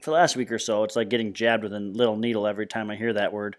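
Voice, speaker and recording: A man reading a novel aloud at a steady, plain pace. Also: on the low side, very fast. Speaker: reader.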